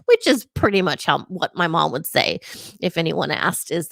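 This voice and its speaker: A woman's voice: low voice, big pitch swings, moderate pace, gravelly, a bit bright, dry recording. A woman who works as a psychic talking in a casual vlog monologue, earnest and repeating words for emphasis. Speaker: psychic and vlogger.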